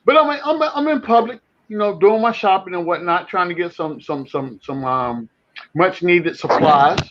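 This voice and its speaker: A man co-hosting a casual sports chat, animated and rambling, with many restarts. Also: sits high, moderate pace, highs cut off. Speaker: podcast co-host. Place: home.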